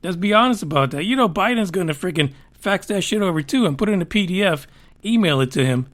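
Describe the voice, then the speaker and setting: A man hosting a podcast, reacting to news in casual commentary that is sarcastic, profane and animated. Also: high voice, quick pace. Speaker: podcast host.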